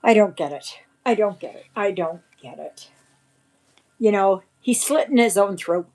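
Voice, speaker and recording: A woman's voice: mid-range voice, expressive, a little slow, darkish tone. A woman hosting a casual livestream, rambling in a shaken, indignant way. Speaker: livestream host.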